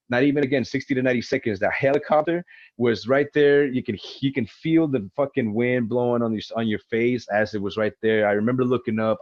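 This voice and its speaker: Male interview guest, animated swearing storyteller; dry, slightly muffled recording. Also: mid-range voice, no echo. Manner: profane, animated retelling with acted-out quotes. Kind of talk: casual storytelling.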